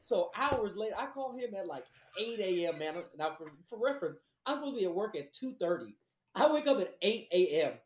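Guy ranting and cussing through a story, kinda high voice, echoey room. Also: brisk, noisy background. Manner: animated storytelling, swears a lot, laughs often. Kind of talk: casual profane chat. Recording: roomy echo.

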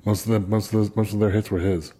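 Husky man telling lively stories. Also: on the low side, fast talker. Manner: animated storyteller, laughs a lot, repeats words. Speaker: guest musician. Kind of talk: casual storytelling chat.

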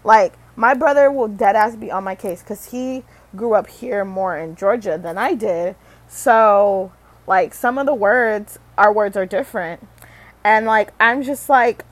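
Speaking to camera at a measured pace, this Michigan vlogger wanders through her thoughts with fillers, corrections, curse words and laughter at her own expense. Her voice is mid-range, with no room sound and low-quality recording.

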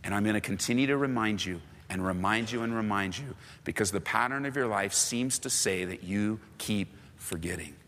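Man voicing a gentle, patient God. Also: big-room sound, a little hiss or hum, lightly acted. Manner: soft, slow, low and gentle.

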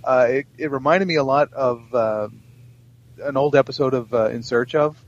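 A man co-hosts a podcast in a relaxed, measured way, often pausing on fillers. His voice sits mid-range. The audio is muffled and lo-fi. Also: medium pitch, no room sound. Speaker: podcast co-host. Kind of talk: casual film chat. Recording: dull lo-fi sound.

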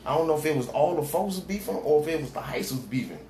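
A man's voice: on the high side, animated, dark tone. A man telling a long story in casual chat, heavy on street slang and full of fillers and restarts, acting out what people said. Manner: rambling, heavy street slang, acts out quoted dialogue; halting with many fillers and restarts. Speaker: storyteller in conversation. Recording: echoey room with background noise.

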